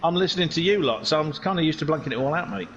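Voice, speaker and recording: A man's voice: fairly high pitch, expressive, rapid-fire, a bit bright, dull audio, a little hiss or hum. A man commentating on a sim race stream in a casual way, rambling from joke to joke with plenty of swearing. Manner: rambling, joking and sweary banter.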